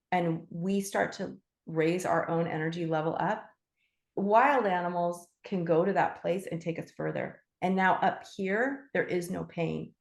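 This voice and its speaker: A woman teaching animal Reiki in a gentle, heartfelt way, with fillers and restarts. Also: fairly low pitch, creaky, reverberant. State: emotional. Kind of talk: casual spoken teaching.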